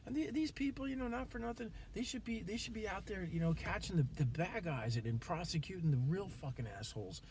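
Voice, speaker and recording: A man's voice: sits high, animated, fast, few pauses, a little mellow, slight background noise. A man venting in a rambling, swearing vlog monologue, grieving and angry, with many restarts. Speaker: vlogger.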